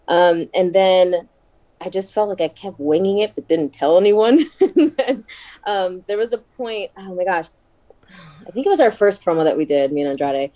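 A woman's voice: medium pitch, animated, moderate pace, mellow. A woman in her thirties, a guest chatting casually in an interview, telling backstage stories and acting out quoted voices. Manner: chatty, laughs often, acts out quoted voices. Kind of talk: casual podcast interview storytelling.

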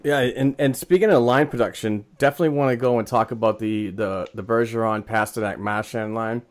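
A man co-hosting a podcast, enthusiastically reading out hockey stats with halting restarts. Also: medium pitch. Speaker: podcast co-host. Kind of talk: casual hockey chat.

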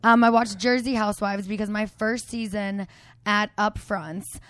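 A woman's voice: mid-range voice, steady tone, a little slow, clear, resonant tone, no echo. A woman in her thirties hosting a podcast, chatting casually and telling stories with lots of "like" fillers. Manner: chatty, storytelling, frequent "like" fillers. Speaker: podcast host. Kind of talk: casual chat.

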